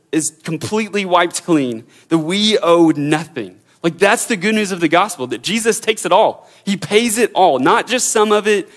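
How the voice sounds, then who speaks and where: A man preaching a sermon as a pastor, earnest and searching for words, often repeating himself. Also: fairly high pitch.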